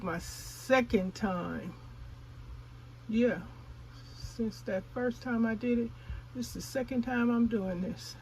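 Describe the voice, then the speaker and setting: Gesprächige Frau, die ihr Publikum direkt anspricht. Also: female voice, medium pitch, a little hiss or hum, low-quality recording. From California. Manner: chatty, addresses viewers as y'all; talks while chewing. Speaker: gardening vlogger. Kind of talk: casual vlog chat.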